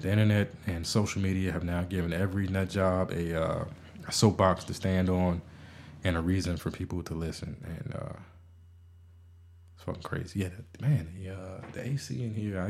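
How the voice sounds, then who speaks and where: Male podcast host, very low voice, rambling, stammering, self-deprecating. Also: a little mellow, slight background noise. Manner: rambling, stammering restarts, frequent swearing. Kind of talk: casual podcast monologue.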